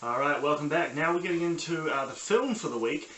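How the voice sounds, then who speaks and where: A man's voice: fairly high pitch, fairly quick, fairly bright tone. A young man with a New Zealand accent hosting a casual solo review show, rambling enthusiastically with lots of ums and restarts. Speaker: podcast host. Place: small sunny room at home. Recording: echoey room with faint background hiss.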